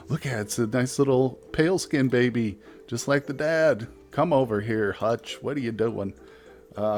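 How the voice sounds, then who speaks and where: A man hosting a let's play, chatting and thinking aloud over his gameplay with quick reactions. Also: mid-range voice, a little mellow. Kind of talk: gameplay commentary.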